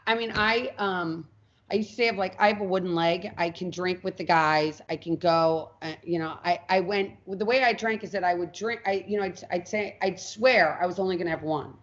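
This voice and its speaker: A woman speaks frankly on a podcast, recounting her own past and slipping into quoted voices of her former self. Her voice sits a little low. The recording is dull and lo-fi. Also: moderate pace. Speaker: podcast guest. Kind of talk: candid personal storytelling. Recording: muffled lo-fi audio.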